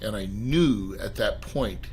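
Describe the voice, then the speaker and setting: A middle-aged man, a podcast guest, telling his life story in an emphatic, animated way and addressing the host directly. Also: lowish voice, slow, slight background noise, rough recording. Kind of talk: storytelling interview.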